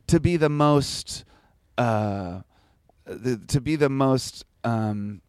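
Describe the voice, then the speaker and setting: A man's voice: medium pitch, takes it slowly, darkish tone, no echo. A man in his forties, telling stories in a casual interview with a lot of swearing and laughter. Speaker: guest musician.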